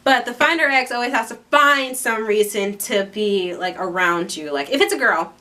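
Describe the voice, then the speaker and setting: A woman's voice: a little high, expressive, normal speed, bright, forceful tone. A young woman chatting playfully to camera as a vlogger, acting out quoted lines as she goes. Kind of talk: casual chat to camera.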